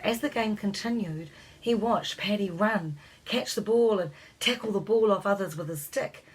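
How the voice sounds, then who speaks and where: Breathy woman reading a storybook. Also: medium pitch, normal speed, rough recording. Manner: gently lifts her voice for the characters' lines. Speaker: narrator.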